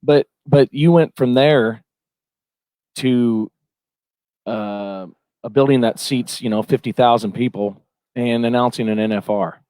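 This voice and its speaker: Relaxed man co-hosting a chat. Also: medium pitch, measured pace, pauses often, dry recording. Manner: relaxed, rambling, with fillers. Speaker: podcast co-host. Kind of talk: casual podcast chat.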